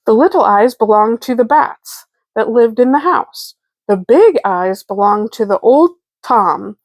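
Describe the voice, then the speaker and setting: Slow, expressive storybook reader woman. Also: a little high, no room sound. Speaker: children's book reader. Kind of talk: storybook read-aloud.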